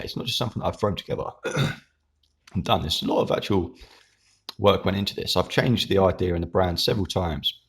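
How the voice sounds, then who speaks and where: A man's voice: deep voice, vocal fry. A man, hosting his own channel, chatting casually in a rambling way while eating with his mouth full. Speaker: YouTube channel host.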